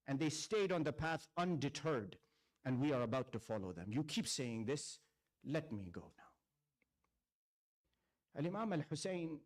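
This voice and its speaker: A man giving a solemn sermon, telling a story and voicing the people in it, with drawn-out recitation. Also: medium pitch, a little mellow. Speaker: speaker at a religious gathering. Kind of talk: sermon narration.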